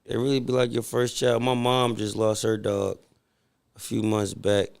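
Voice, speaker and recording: A man's voice: on the low side, completely flat delivery, moderate pace, gravelly, clean tone. Laid-back young man, slangy chat. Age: young adult. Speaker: hip-hop artist guest. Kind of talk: casual interview chat.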